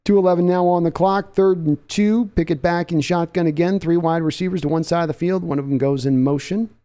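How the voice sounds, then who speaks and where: A man's voice: fairly high pitch, fairly even intonation, a little fast, mellow. A man hosting a live sports podcast, calling play-by-play in a chatty manner and answering viewer comments. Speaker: podcast host.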